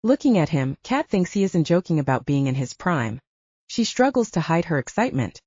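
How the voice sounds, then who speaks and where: Woman, audiobook narration, expressive, low mellow voice, dry close mic, dull lo-fi sound. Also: brisk, husky, no room sound.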